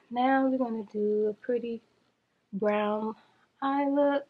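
A woman chatting to viewers in a casual makeup challenge vlog, flustered and rushing against a timer. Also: a little high, steady tone, highs cut off. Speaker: beauty vlogger.

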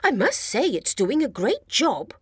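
A woman voicing a gentle male elephant who is sick, talking slowly and croakily between sneezes, in a children's storybook reading. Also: high voice, big pitch swings, no room sound, clean studio sound, heavily acted. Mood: poorly.

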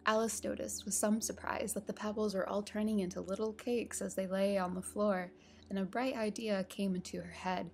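A woman narrating a storybook in a calm, measured way, over soft music. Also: mid-range voice, slight background noise. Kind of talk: storybook reading.

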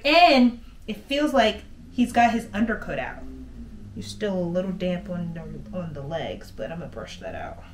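A woman's voice: medium pitch, a little hiss or hum. A woman vlogging casually while grooming her dog, chatting to her viewers and her pet. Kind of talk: casual chat to camera. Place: inside a converted bus.

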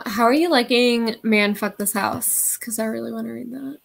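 A woman chatting casually over a video call as host of a live reading sprint, animated, swearing and laughing often. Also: a little high, normal speed, creaky. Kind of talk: casual chat.

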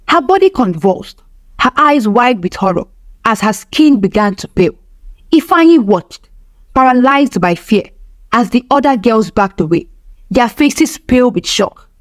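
A woman telling a dark folk tale in steady, dramatic scripted narration. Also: on the high side, measured pace, no room sound. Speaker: storyteller.

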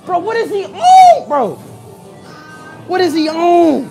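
A man's voice: very high-pitched, wildly swooping pitch, takes it slowly, over music. A young man streaming a haunted house walk, panicky, swearing and yelping in fright.

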